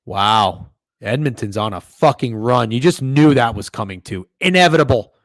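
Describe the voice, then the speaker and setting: A man hosting a sports betting stream, talking casually and swearing a lot, swinging between low mumbling and loud outbursts. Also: animated, moderate pace, no room sound, clean studio sound. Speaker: sports betting podcast host. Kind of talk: casual livestream rant.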